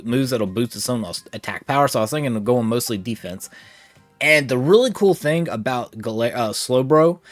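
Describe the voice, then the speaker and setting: A man's voice: mid-range voice, no room sound. A man hosting a casual gaming livestream, chatting with viewers and reading chat aloud. He sounds a little short of breath from allergies. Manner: chatty, reads chat aloud, playful asides. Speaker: gaming streamer.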